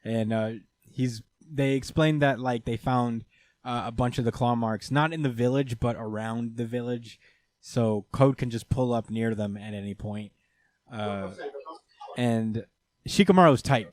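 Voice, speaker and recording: A man's voice: medium pitch, fairly even intonation, unhurried, dry recording, clean studio sound. A man co-hosting a podcast, loosely retelling an anime episode with lots of fillers. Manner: rambling, filler-heavy retelling. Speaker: podcast co-host. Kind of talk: casual anime recap chat.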